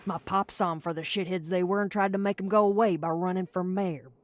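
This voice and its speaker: A woman's voice: lowish voice, steady tone, brisk, close to an everyday voice. A woman voicing a bitter, foul-mouthed local woman in a narrative game, blunt and scornful. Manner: blunt and scornful, swears freely. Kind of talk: game character dialogue.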